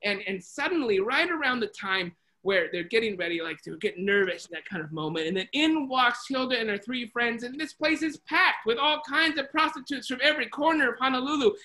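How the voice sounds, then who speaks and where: A Bible study leader retelling a story in a lively, chatty way, full of restarts and acted voices. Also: mid-range voice, a little fast, few pauses, poor audio. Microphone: video call.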